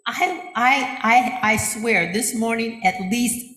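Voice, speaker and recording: A woman's voice: on the high side, slow pace, soft background music. Older lady pastor, chatty sermon, laughs a lot, echoey church room. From United States. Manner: chatty and animated, acting out quotes with laughter. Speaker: minister. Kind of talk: conversational sermon. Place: church sanctuary. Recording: roomy church echo.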